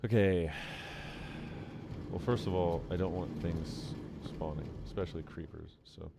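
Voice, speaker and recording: Low-voiced young man chatting through a game. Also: measured pace, vocal fry, noisy background. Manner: rambling, chatty, talks to a friend on call. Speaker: gaming streamer. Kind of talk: casual let's-play chat. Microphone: desk microphone.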